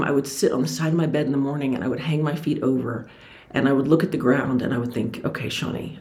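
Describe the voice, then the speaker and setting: A woman motivational speaker telling her own story, acting out both sides of the dialogue. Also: low voice. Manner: lively storytelling, acts out dialogue. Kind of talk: personal story talk.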